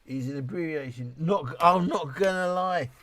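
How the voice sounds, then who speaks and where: A man's voice: a little high, normal speed, fairly bright tone. A man in his fifties hosting a casual livestream, rambling and chatty as he answers viewer questions, often breaking off and restarting. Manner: rambling, chatty, self-interrupting. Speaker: livestream host.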